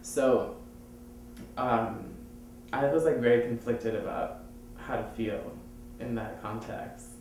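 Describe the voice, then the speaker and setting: A man recounting a hard personal experience in a hesitant, halting way. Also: medium pitch, fairly even intonation, a little mellow. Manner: hesitant, halting, many fillers. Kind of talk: personal testimony. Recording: very echoey room, mic far off, faint noise.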